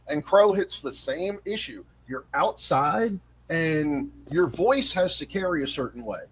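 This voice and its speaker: A man's voice: high voice, animated, unhurried, husky, low-quality recording. A man in a casual podcast chat, explaining his opinions at length and swearing now and then.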